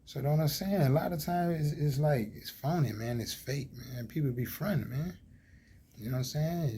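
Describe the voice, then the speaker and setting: Gravelly Atlanta man, rambling and heated. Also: a little high, lively intonation, a little fast, warm tone. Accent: Atlanta Southern. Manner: rambling, heavy fillers, preachy and heated. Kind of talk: casual street talk monologue.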